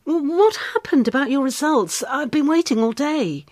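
Casting: fretful British mum, high and very expressive. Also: female voice, normal speed, no room sound. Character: anxious, fussing British mother. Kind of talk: radio drama acting.

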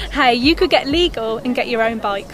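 A woman's voice: on the high side, animated, moderate pace, lightly acted. An actress playing a confident, teasing young woman in a radio drama. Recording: music and crowd behind.

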